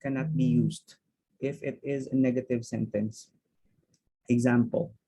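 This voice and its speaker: Slow, husky man teaching grammar. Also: medium pitch, fairly even intonation, dark tone, poor audio. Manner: methodical, repeats words while thinking. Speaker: language teacher. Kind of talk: explaining grammar with examples.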